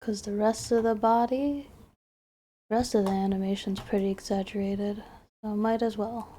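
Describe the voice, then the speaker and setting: A woman's voice: mid-range voice, fairly even intonation, moderate pace, warm tone, a little hiss or hum. A young woman streaming as she draws, chatting casually, swearing and laughing at her own scares, then trailing off into mumbles as she focuses. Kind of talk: casual live-stream chat while drawing.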